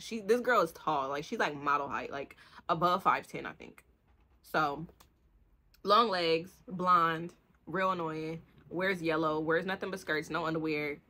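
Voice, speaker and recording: Young woman, bright voice, rambling book chat, cusses a lot. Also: deep voice. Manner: animated, swearing, acts out the characters' lines in quick bursts. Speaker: book vlogger. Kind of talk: rambling casual book review.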